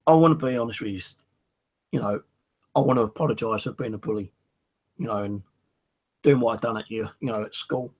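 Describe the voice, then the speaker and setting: A man's voice: medium pitch, brisk, pauses often, darkish tone, natural voice. A British man quoting a young former school bully who is now sincere and apologetic, speaking in a matey way. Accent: British English.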